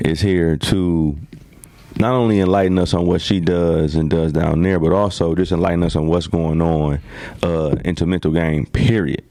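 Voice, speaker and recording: A low-pitched man talks loosely and jokingly as a podcast host, trading slangy banter with his co-hosts. The sound is dry and close, with little room in it. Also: fairly even intonation, normal speed, mellow, no echo. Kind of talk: casual chat.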